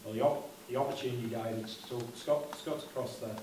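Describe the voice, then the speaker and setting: A man's voice: mid-range voice, steady tone, a little fast, darkish tone. A man, an official at a community meeting, speaking in a conciliatory and somewhat hesitant way. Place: community hall. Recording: very echoey hall from a distance, faint noise.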